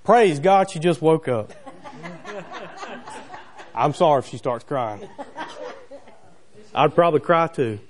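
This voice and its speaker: A man preaches a sermon in a church. His voice sits high and swings widely as he retells the story with homespun wondering questions. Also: animated, takes it slowly, pauses often. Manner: folksy, imaginative storytelling with rhetorical questions. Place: church sanctuary.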